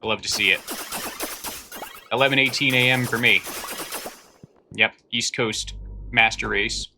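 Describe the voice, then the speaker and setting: A man's voice: mid-range voice, steady tone, unhurried, creaky, sharp tone, a little hiss or hum. A man livestreaming in casual chat, reading viewer comments aloud and answering them with dry jokes.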